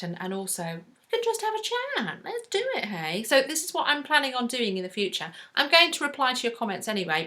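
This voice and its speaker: Chatty bright-voiced Englishwoman in her forties. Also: a little high. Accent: Southern English with a slight northern inflection. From South East England. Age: 40s. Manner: chatty and effusive, with fillers and restarts. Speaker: book vlogger. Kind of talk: casual chat to camera.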